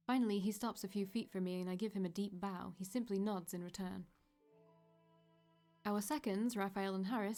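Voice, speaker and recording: A woman streamer reads a fantasy visual novel aloud in a steady first-person narration. Her voice sits at a middle pitch, and she drops in brief asides of her own. Faint game music plays underneath. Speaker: let's play streamer.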